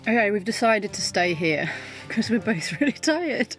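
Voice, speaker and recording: A woman's voice: mid-range voice, sing-song, unhurried, faint music behind. Chatty young woman vlogging on a narrowboat. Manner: chatty, breezy, laughs often. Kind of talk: casual vlog narration. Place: narrowboat and canal towpath.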